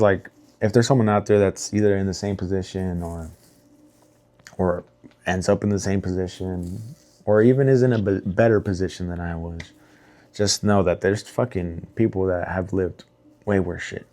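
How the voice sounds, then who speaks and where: A man's voice: sits low, moderate pace, dark tone. A young man casually telling his own story to camera, rambling with lots of fillers, restarts and swearing, candid and emotional. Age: young adult. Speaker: vlogger.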